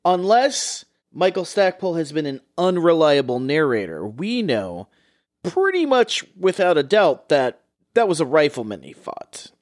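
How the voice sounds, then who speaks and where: Man chatting in a lively, thoughtful way. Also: a little high, measured pace, dry recording, clean studio sound. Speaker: podcast co-host. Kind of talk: casual book-club chat.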